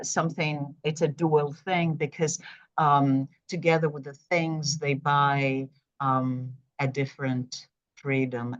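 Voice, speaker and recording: A woman's voice: low voice, highs cut off. A woman translator introducing a poem at a poetry reading, speaking hesitantly with many fillers.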